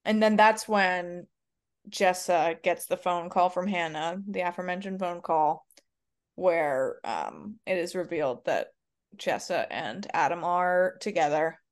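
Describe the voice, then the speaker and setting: Low-voiced woman, halting casual chat. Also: animated. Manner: hesitant, many fillers and restarts. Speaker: podcast co-host.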